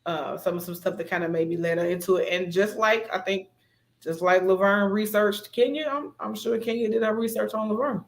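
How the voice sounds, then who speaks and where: Measured, thoughtful recap co-host. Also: mid-range voice, steady tone. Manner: thoughtful, measured, hesitant fillers. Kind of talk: casual TV recap chat.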